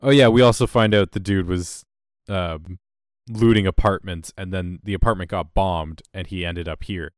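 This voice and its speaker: A man's voice: low voice, fairly even intonation, normal speed, dry recording, clean studio sound. A man co-hosting a podcast, chatting casually and jokingly about an episode. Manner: chatty, joking, acts out quotes. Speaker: podcast co-host. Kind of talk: casual episode recap chat.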